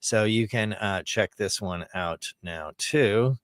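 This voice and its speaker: A man's voice: lowish voice, slow, no echo, clean studio sound. A man hosting a livestream, chatting casually between clips in a loose, rambling, profane way. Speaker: livestream host. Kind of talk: casual chat.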